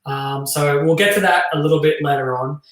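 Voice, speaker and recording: A man's voice: on the high side, a little fast, fairly bright tone, far from the mic. An Australian man hosting a casual talk show, chatty and loose with lots of fillers. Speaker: show host. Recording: echoey room.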